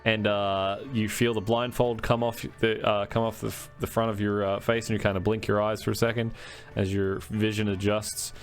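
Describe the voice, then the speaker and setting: A man with a lowish voice runs a tabletop game, narrating the scene as game master. He rambles, stops and restarts often, and fills gaps with lots of uhs. Faint music plays behind him. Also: level tone, moderate pace. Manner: rambling, many fillers and restarts.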